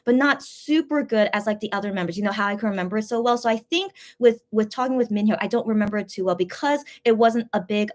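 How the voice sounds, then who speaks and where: A young woman from the USA chatting casually to her viewers, rambling through a story with restarts and squealing when she quotes herself. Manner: rambling, restarts, excited high-pitched quoted exclamations. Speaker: vlogger recounting a fan meeting.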